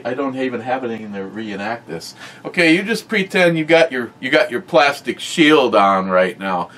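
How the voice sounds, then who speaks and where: A man co-hosting a casual chat, ranting and swearing as he tells animated stories. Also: fairly low pitch. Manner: ranting, profane, animated storytelling. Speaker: podcast co-host.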